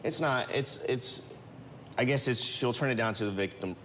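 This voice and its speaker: A man's voice: mid-range voice, moderate pace, fairly bright tone, slight background noise. A man on a talk show, answering in a hesitant, sheepish way with stammered agreement.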